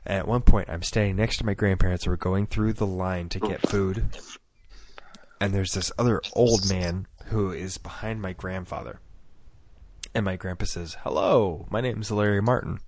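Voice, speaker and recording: A man's voice: sits low, normal speed, a little mellow, no room sound. A man on a casual podcast telling a rambling family story, laughing often and acting out the voices of the people in it. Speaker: podcast co-host.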